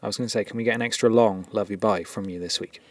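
A man's voice: fairly low pitch, steady tone, very fast, no echo, clean studio sound. A man from the UK co-hosting a podcast in loose, joking, rambling casual chat. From United Kingdom. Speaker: podcast co-host.

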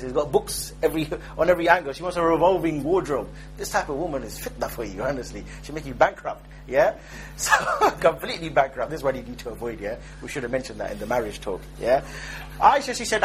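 Male preacher, high voice, chatty joking lecture style. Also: a little hiss or hum. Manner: conversational, joking, keeps asking "yeah?". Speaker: Islamic preacher. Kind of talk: informal religious lecture.

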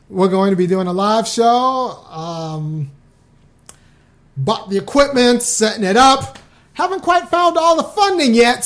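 A loose, chatty live-stream host who talks straight to the audience. The voice sits at a middling pitch, and the host keeps breaking off mid-sentence to start over. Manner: chatty and loose, restarts often, speaks straight to viewers. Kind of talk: casual live-stream talk.

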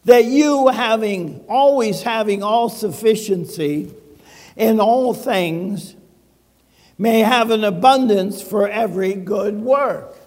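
An older man pastor delivering a sermon, telling a personal story with humor and dramatic pauses. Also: high-pitched, in a large hall.

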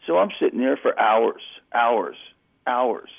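A man's voice: medium pitch, takes it slowly, creaky. A man telling a long story as a guest on a call-in radio show, acting out what others said, heard over a tinny phone line. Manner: animated anecdote with acted-out quotes.

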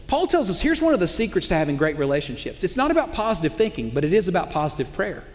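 A middle-aged pastor with a high, very lively voice, preaching in an animated, conversational way. He keeps asking the congregation questions. His voice rings with the long reverb of a church hall. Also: fast talker. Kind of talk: sermon. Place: church auditorium.

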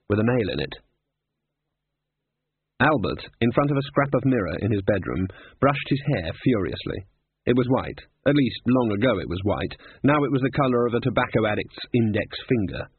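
Husky male narrator, phone-thin sound. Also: mid-range voice, dry recording. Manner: dry, measured storytelling. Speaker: audiobook narrator. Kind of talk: scripted narration. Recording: muffled, phone-like narrow sound.

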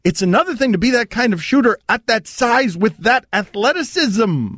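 A man hosting sports talk radio, riffing in an animated way on a studio mic. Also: very high voice, normal speed, no echo.

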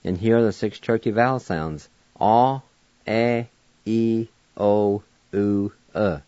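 With a fairly low, dark-toned voice, a man hosting a radio language lesson slowly spells words letter by letter and pronounces each one with patience. The audio is dull, without echo.

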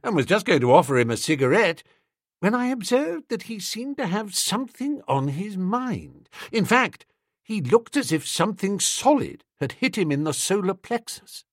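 A man narrating an audiobook in a breezy, expressive first-person storytelling manner. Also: high-pitched, normal speed, no echo, studio quality.

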